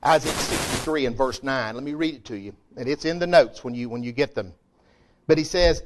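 A middle-aged man preaches a sermon in a folksy, emphatic style, swinging between loud declarations and quiet asides. His voice is mid-range and brisk.

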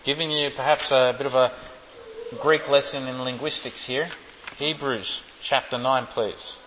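A man's voice: medium pitch, steady tone, unhurried, slight background noise. A man teaching a sermon on Greek Bible wording, stressing and repeating key phrases and quizzing his listeners. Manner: emphatic, repeats key phrases, asks the audience questions. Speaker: preacher. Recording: lo-fi hall recording, long reverb.

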